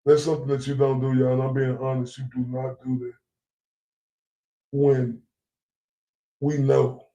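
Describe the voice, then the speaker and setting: A man's voice: mid-range voice, completely flat delivery, a little slow, mellow. Heated, profane man in echoey room. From Dallas area. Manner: heated, profane, repeats himself, asks "right?". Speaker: vlogger. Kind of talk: angry monologue to followers.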